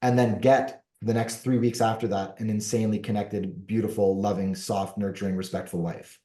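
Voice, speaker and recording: A middle-aged man talks through relationship advice in an earnest, explanatory way. His voice is mellow and dark. The room around him is echoey. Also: on the low side, little pitch movement, normal speed. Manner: earnest, explanatory, often ends points with "right?". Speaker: podcast guest, relationship coach. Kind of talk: conversational advice monologue.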